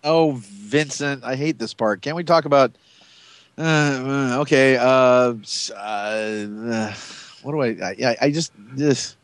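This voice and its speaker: Halting man guest, dry close sound. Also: mid-range voice, clear, resonant tone, no room sound. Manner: halting, many fillers and restarts. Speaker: radio guest. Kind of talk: casual radio interview.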